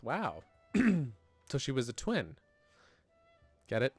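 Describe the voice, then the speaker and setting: A man's voice: mid-range voice, huge pitch swings, takes it slowly, long pauses, breathy edge, no echo, soft background music. Joking man streaming a game. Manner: self-deprecating, joking asides. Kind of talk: casual gameplay commentary.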